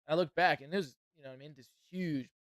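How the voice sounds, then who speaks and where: A man's voice: fairly high pitch, quick pace, a bit bright, no room sound, clean studio sound. A young man hosting a podcast, telling a profane story with lots of laughter, then commenting on a fight. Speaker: podcast host.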